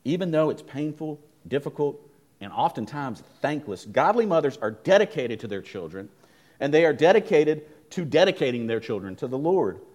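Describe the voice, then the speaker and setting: A man preaching a sermon as pastor, telling stories emphatically and swinging between loud emphasis and hushed lines. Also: fairly high pitch, very animated, moderate pace.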